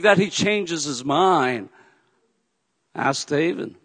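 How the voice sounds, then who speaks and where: A man preaching a sermon, dropping to a hush and then rising to loud, emphatic peaks. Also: a little high, animated, unhurried. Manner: swings from hushed to loud and emphatic. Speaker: pastor. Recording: long hall reverb.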